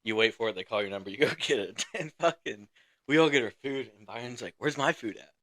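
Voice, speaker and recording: A man's voice: mid-range voice, lively intonation, fast, fairly bright tone. A young man in his twenties, a podcast co-host, telling a long casual story, laid-back and profane, laughing as he goes.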